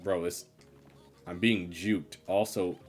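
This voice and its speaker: A man's voice: deep voice, steady tone, slow pace, soft background music. A man streaming live gameplay commentary, grumbling in an exasperated, sarcastic way.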